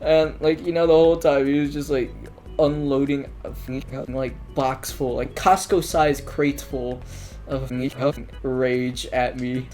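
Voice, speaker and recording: A man's voice: medium pitch, steady tone, unhurried, darkish tone, soft background music. A man telling school stories in a casual, rambling monologue, full of filler words, restarts and offhand swearing.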